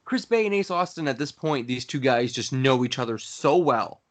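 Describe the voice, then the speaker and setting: A man co-hosting a casual wrestling chat, lively and acting out quotes. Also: mid-range voice, normal speed. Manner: lively recapper who acts out quotes. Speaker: podcast co-host.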